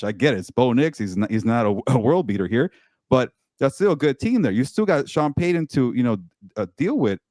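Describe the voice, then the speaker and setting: A man co-hosting a sports podcast as a columnist. He talks emphatically, often repeats words, and gets animated. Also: mid-range voice, no room sound, studio quality. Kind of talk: casual sports talk.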